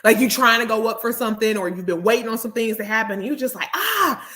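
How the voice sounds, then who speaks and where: A woman's voice: on the high side, fast talker, a bit bright. A woman hosting a motivational talk show, speaking earnestly and repeating key phrases for emphasis. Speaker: host; therapist and speaker.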